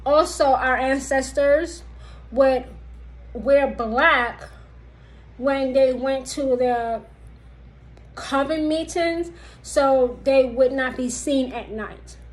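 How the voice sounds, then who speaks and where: Talking directly to viewers in a high voice, this woman vlogger teaches witchcraft lore casually, slowly and emphatically, with plenty of repetition. The audio is poor.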